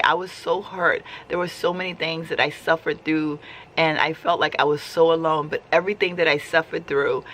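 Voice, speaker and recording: A woman's voice: deep voice, a bit bright, a little hiss or hum. A woman sharing a personal faith testimony in casual, heartfelt storytelling, talking conversationally with frequent restarts.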